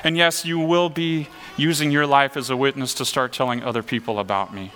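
A man preaching who voices Jesus speaking softly and tenderly to a frightened disciple. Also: medium pitch, fairly even intonation, a little fast, pitched below the performer's own voice, close to an everyday voice. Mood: reassuring. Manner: soft, tender, consoling.

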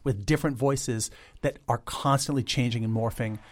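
A man in his fifties, a guest in an interview, talking in an animated, chatty way and imitating instruments with his voice. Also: medium pitch, moderate pace. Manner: chatty, many "like" fillers. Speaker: guest, a cappella arranger. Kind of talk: interview conversation.

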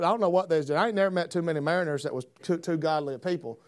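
Fervent high-voiced preacher man. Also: rapid-fire, a little mellow. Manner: folksy, rising to fervent preaching. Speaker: pastor. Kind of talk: sermon.

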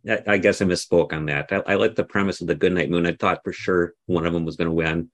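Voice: deep voice, fairly even intonation, fast talker. A podcast co-host in casual chat, hesitant and often correcting himself mid-sentence.

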